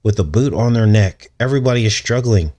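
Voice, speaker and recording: A man's voice: on the low side, expressive, brisk, warm tone. A man hosting a casual livestream, rambling and chuckling as he answers his viewers' chat. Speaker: channel host.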